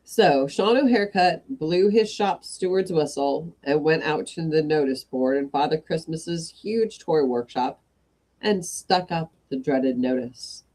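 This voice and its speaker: A woman hosts an evening story-reading stream, reading aloud to a live chat and talking with viewers between passages, sometimes interrupting herself with apologetic asides. Her voice is low and dark in tone, and she keeps a measured pace.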